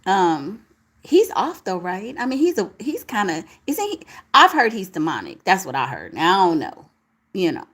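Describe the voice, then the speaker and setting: A lowish voice with huge pitch swings and a slightly bright tone belongs to a young woman livestreaming late at night, home alone. She moves at a moderate pace, chatting casually, reading viewer comments and using slang, all while sounding sleepy with a tired crackle.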